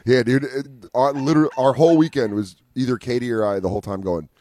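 A man's voice: medium pitch, dry recording. A man co-hosting a comedy podcast, casually telling profane road stories and acting out the people in them. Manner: crude and animated, acting out people in quick voices. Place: radio studio.

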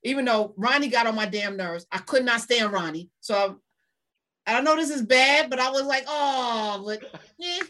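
A woman's voice: a little high, lively intonation, normal speed, bright, forceful tone. A woman hosts an interview in a chatty, teasing tone. She talks casually and playfully with her guest. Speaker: interviewer, host.

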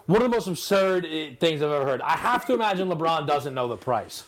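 A man's voice: a little high, big pitch swings, quick pace, slight background noise. A man co-hosting a sports talk show, riffing casually and playing out imagined quotes. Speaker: sports radio co-host.

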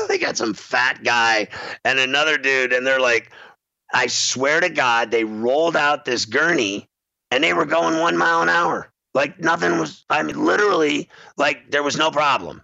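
A man hosting sports talk, telling a rambling story in an animated way and laughing often. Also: fairly high pitch, measured pace, vocal fry, dry recording, muffled recording.

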